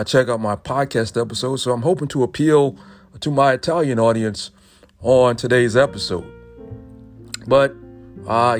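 Male podcast host, mid-pitched, easygoing monologue with faint guitar music under it. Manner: relaxed, filler-heavy speech with frequent "uh".

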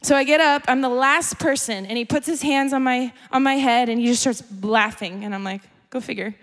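A young adult woman giving a sermon as a story, chatty and animated, laughing often. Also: sits high, fairly quick. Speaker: speaker. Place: church gathering hall. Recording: long hall reverb.

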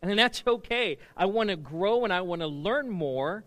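Bright-voiced middle-aged male pastor. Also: sits high, animated, normal speed. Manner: conversational, engages congregation with call-and-response. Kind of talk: sermon.

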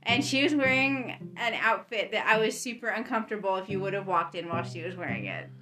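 A chatty woman at an average pitch walks through a movie's story in a loose, rambling way and often stops on an um. Soft guitar music plays under her voice. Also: expressive, a little fast. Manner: rambling, chatty, with frequent ums. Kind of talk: casual movie recap.

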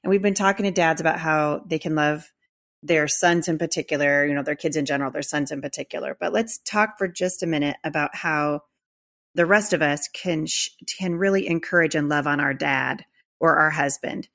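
A woman hosting a podcast, warm and encouraging in casual conversation with her guest. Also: sits low, fairly quick. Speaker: podcast host. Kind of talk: casual chat.

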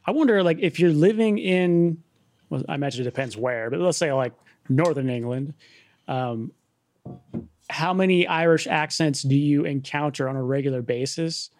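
A man with a fairly high voice chats in an easygoing, laid-back way on a podcast. His voice sounds dry and close to the mic. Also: normal speed, darkish tone, dry recording. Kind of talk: casual chat.

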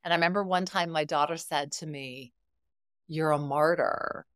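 A woman's voice: sits low, steady tone, normal speed, clear, resonant tone, no echo, clean studio sound. A middle-aged woman guest on a podcast, telling stories expressively and acting out quoted dialogue. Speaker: guest, therapist. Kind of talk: podcast conversation.

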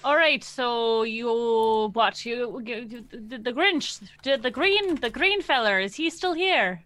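A woman's voice: a little high, animated, takes it slowly, fairly bright tone. A woman voicing a folksy, bawdy married man who stammers and restarts often.

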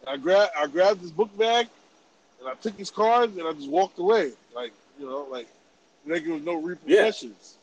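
A man around forty, telling a story in animated, profane, laughing casual podcast chat. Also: high-pitched, moderate pace, muffled recording, a little hiss or hum. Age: about 40. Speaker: podcast host.

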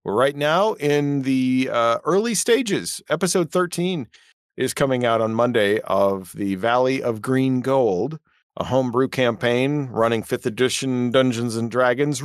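A man's voice: medium pitch, dry recording. A man who runs a tabletop game, a guest on a podcast, chatting casually with dry jokes. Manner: dry joking, lively intonation. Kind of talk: casual chat.

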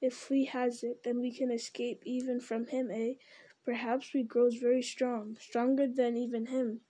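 A woman's voice: a little high, level tone, a little slow, dark tone. Gollum, a whining creature voiced by a woman. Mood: greedy. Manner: whining, wheedling, hissing repetitions. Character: wretched creature, male, split into two bickering selves.

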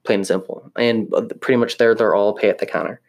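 A man's voice: fairly low pitch, quick pace, vocal fry. A young man chatting casually to the camera, rambling and self-deprecating, with lots of restarts. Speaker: vlogger living in Japan.

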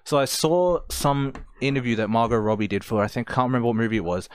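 A man's voice: mid-range voice, quick pace, dry recording. Australian guy, dry close sound. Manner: swears, laughs along, chimes in with jokes. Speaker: podcast co-host. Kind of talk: casual chat.

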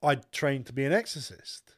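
A man's voice: mid-range voice, animated, moderate pace, a bit bright. A man telling a rambling, swear-filled story in a casual chat. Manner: rambling, profane storytelling with asides. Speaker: podcast co-host telling a story.

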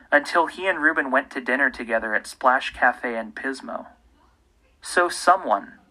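A man, the host, giving scripted true-crime narration in a measured, pointed way. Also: medium pitch, bright, forceful tone, poor audio. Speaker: podcast host.

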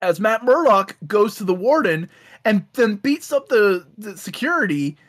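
A man casually recapping comic storylines, acting out characters in quick bits and swearing freely. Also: high voice, big pitch swings, fairly bright tone. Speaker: podcast co-host recapping comics. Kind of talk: casual chat.

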